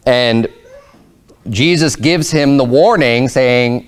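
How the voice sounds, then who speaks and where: A male pastor preaching a sermon in a loose, conversational way, with frequent fillers and restarts, jumping higher in pitch whenever he quotes someone. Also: expressive, unhurried. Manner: raises pitch sharply when quoting Peter and Jesus.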